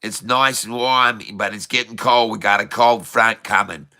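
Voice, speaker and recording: A man hosting a casual livestream, chatting warmly and reading out where viewers are from. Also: fairly low pitch, steady tone, normal speed. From Michigan. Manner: chatty, reads out viewers' locations. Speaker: livestream host.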